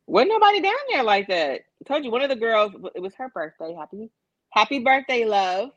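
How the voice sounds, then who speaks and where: A woman's voice: on the high side, brisk, no echo, lo-fi sound. A woman co-hosting a casual podcast, telling stories with lots of acted-out quotes, speaking. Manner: animated storytelling with acted-out quotes. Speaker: podcast co-host. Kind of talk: casual chat.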